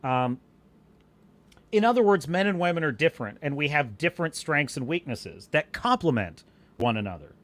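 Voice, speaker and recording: A man hosting a live-stream podcast, delivering a scornful, animated rant with bursts of laughter and reading viewer comments aloud. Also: on the high side, moderate pace. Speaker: podcast host.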